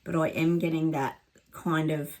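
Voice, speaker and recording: A woman's voice: deep voice, level tone, normal speed, darkish tone, a little hiss or hum. A woman giving a rambling psychic reading to camera, with lots of ums and restarts.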